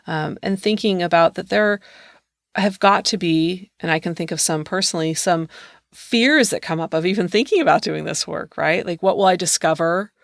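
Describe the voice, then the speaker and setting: A woman's voice: lowish voice, moderate pace, gravelly, no room sound. Affirming woman podcast host. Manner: warm, affirming, thoughtful. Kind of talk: podcast interview.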